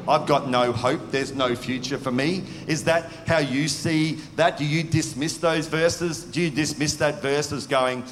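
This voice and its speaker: A man's voice: on the high side, slight background noise. A man preaching a sermon in an earnest, conversational way, asking his listeners questions. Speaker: pastor. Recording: long hall reverb.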